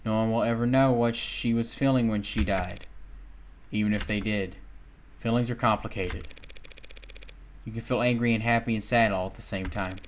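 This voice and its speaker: A man voicing a cold, calculating male killer who narrates his own crimes in a measured, smug inner monologue, read from a story game. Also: lowish voice, fairly even intonation, a little hiss or hum, natural voice. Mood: calm, measured. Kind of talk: reading a game's dialogue aloud.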